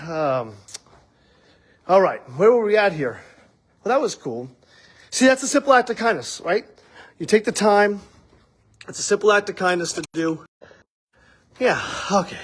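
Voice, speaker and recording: A man's voice: sits high, animated, moderate pace, long pauses, husky. A man hosting a daily livestream, chatting loosely and rambling, with casual swearing. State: out of breath after running. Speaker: livestream host. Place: studio office with window.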